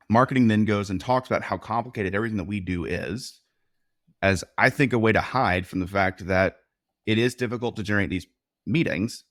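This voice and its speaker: A man with a fairly low voice, speaking as a podcast guest. He explains in a confident, direct manner, and his voice comes through close and dry. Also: a bit bright, no echo. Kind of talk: conversational interview.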